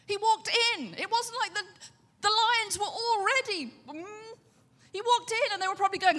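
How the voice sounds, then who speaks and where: A woman pastor preaching a sermon in a conversational, animated way, often asking the audience questions. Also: extremely high pitch, brisk, long reverb tail.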